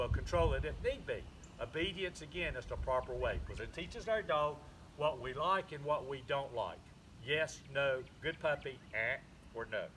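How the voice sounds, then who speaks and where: Southern man teaching dog training outdoors. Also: a little high. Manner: calm, explains while giving short commands. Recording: noisy outdoor recording.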